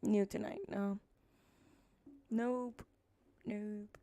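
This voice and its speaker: A woman's voice: mid-range voice, level tone, extremely slow, warm tone. A young woman co-hosting a podcast, chatting casually in a playful, jokey way and laughing often. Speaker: podcast co-host. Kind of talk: casual chat.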